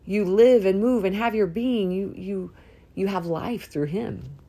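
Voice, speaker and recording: A woman hosting a faith podcast, praying aloud in a heartfelt, informal way, with sudden rises and slow drawn-out words. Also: medium pitch, dark tone. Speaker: podcast host. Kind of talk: spoken prayer and encouragement. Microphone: audio only, no camera.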